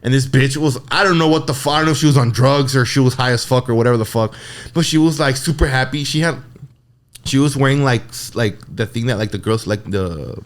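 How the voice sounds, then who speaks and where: A young man co-hosting a podcast, telling profane, animated work stories in casual chat. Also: medium pitch, brisk. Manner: profane, animated, mimics customers. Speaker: podcast co-host. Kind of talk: casual storytelling.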